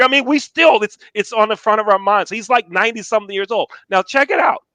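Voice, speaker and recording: Bright, high-voiced man telling stories. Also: fast, no room sound. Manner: animated, repeats phrases for emphasis. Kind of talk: casual storytelling.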